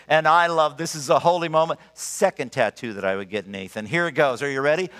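A man in his sixties preaching a sermon, emphatic and animated, telling personal stories. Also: a little high, fairly quick, hardly any pauses. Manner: animated, emphatic, storytelling with laughs. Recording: long reverb of a large hall.

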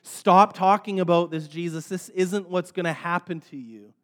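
A man's voice: sits high, moderate pace, fairly bright tone. A man preaching and voicing an alarmed Peter who urgently pleads with his teacher. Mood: pleading. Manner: urgent, pleading, repeats the name. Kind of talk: sermon retelling.

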